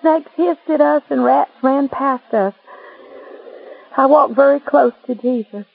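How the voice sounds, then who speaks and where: Woman narrator, high gravelly voice, earnest religious testimony reading, dull lo-fi recording. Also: measured pace.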